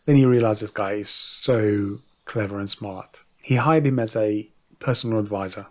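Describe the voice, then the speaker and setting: A man's voice: on the low side, normal speed. A man narrating a story in a casual, conversational way, with asides to the listener.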